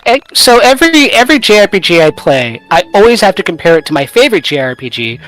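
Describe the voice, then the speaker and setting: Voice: mid-range voice, sing-song, fast talker, fairly bright tone. A let's play host giving casual, rambling commentary while playing, often talking to themself.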